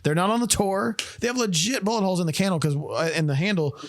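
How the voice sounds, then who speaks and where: A man's voice: sits high, fast talker, no room sound. A man hosting a podcast, telling stories in casual chat, swearing and laughing often. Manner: animated, profane storyteller who laughs often. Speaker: podcast host.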